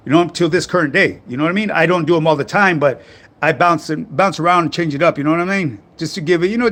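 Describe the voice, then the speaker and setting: A man's voice: on the high side, a bit bright. A middle-aged man, hosting a casual fitness livestream, reading viewer comments in a laid-back manner full of street slang. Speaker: fitness coach livestream host.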